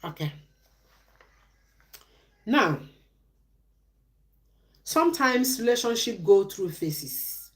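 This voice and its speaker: A woman's voice: medium pitch, very animated, very slow, pauses often. A middle-aged woman, giving relationship advice on a live stream in a preachy way, asking questions and answering them herself.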